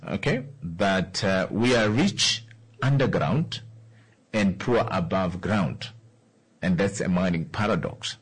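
A man from Namibia with a low, husky voice gives solo commentary on the economy as a radio or podcast host. His delivery is lively and questioning: he repeats key phrases and asks the listener questions. The recording is low quality.

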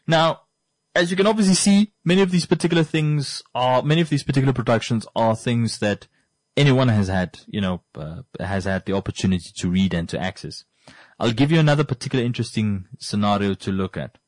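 A man talks to his listeners in a loose, rambling monologue. He leans on emphatic repetition to drive points home. His voice sits at an ordinary pitch and is recorded dry and close. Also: brisk, no room sound. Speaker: podcast host. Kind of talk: casual monologue.

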